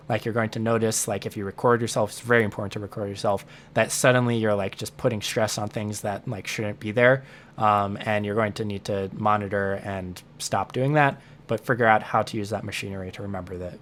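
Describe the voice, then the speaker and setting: A man with a fairly low voice gives a relaxed spoken lesson. He thinks aloud as he explains, often restarting and repeating a word before going on. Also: slight background noise. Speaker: language learning teacher.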